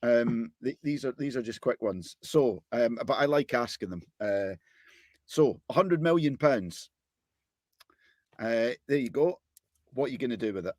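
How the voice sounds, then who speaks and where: A man hosting a podcast, chatting casually and asking quick questions. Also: mid-range voice, lively intonation, a little mellow, no echo, studio quality. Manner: short encouraging interjections and quick questions. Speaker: podcast host. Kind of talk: casual interview.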